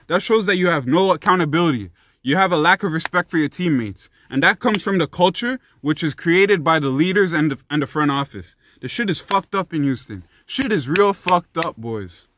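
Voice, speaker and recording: A man's voice: high voice, fairly bright tone, no room sound. A young man giving heated, profane sports commentary in a ranting vlog style.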